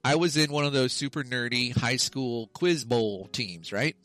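A man's voice: medium pitch, normal speed, a bit bright, low-quality recording. A man co-hosting a casual comedy podcast, telling a long story that he keeps correcting mid-way and laughs at himself. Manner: rambling, self-correcting, loses the thread and laughs at himself. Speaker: podcast co-host.

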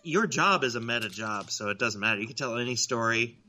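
A man co-hosts a casual podcast, rambling through stories and poking fun at himself. He swears freely. His voice is very bright and sharp at a middle pitch. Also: lively intonation, brisk, slight background noise. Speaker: podcast co-host. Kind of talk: casual chat.

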